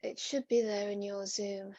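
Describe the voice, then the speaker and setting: A woman's voice: medium pitch, little pitch movement, measured pace, warm tone, dry recording. A woman presenting on a video call, reading out audience questions and answering them patiently. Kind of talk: online webinar Q&A.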